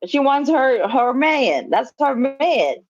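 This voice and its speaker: Slightly high-pitched woman on muffled audio. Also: sing-song. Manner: blunt, profane, quick to agree. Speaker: livestream co-host. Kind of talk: casual livestream chat.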